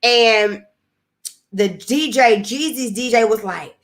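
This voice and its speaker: A woman's voice: medium pitch, normal speed. A woman hosting a live online show, casually recapping an event in a rambling, chatty way and talking straight to her viewers. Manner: rambling, chatty storytelling that addresses viewers directly.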